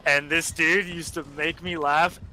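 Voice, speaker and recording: A man's voice: a little high, little pitch movement, sharp tone, rough recording. A man in his twenties chatting casually about old online games, rambling with many fillers and swear words, often breaking into laughter. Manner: quick bursts of laughter while storytelling. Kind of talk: casual gaming chat.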